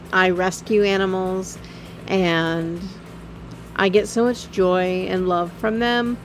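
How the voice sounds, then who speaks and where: A woman narrating her gameplay video in a halting, heartfelt way, full of ums and visibly emotional. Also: mid-range voice, gravelly. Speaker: game video creator. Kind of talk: casual voice-over narration of gameplay.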